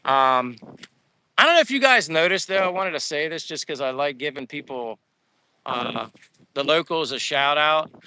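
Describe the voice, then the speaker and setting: Male expat vlogger, rambling and grateful, slightly high bright voice. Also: lively intonation, moderate pace, slight background noise. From Pennsylvania, USA. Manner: rambling, grateful, stumbles over names. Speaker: expat vlogger reading live chat. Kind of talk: casual live-stream chat while walking. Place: outdoors in a Philippine town.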